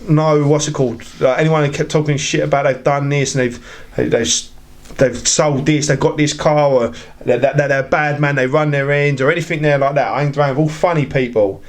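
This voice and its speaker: Rambling man with a raised pitch. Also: fairly even intonation, brisk. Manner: rambling storyteller, acts out other people's lines. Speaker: podcast guest. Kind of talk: casual chat.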